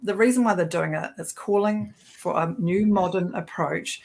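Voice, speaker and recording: A woman's voice: lowish voice, moderate pace, gravelly, hardly any pauses, darkish tone. A woman with a New Zealand accent co-hosting a political livestream, chatty and sarcastic, often restarting her sentences. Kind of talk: casual political talk show.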